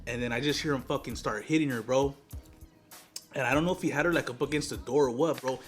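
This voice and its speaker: A man's voice: medium pitch, quick pace, soft background music. A young man casually telling a story between bites, slangy and profane. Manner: slangy, profane, laid-back. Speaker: mukbang host. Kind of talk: casual storytelling while eating.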